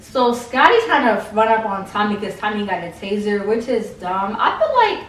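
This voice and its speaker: A woman's voice: on the high side, lively intonation, moderate pace, hardly any pauses. A woman giving a casual, slangy recap of a reality show, full of "like" and mocking asides. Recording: echoey room, distant mic, faint noise.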